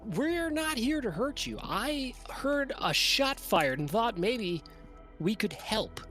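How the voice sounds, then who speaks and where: A player voicing a friendly survivor who wants to help, with a lively, bouncing pitch. The voice sits in a middle register, with soft music underneath. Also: female voice, slow, full character voice. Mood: reassuring. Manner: reassuring, eager to help. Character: earnest survivor with a chainsaw arm.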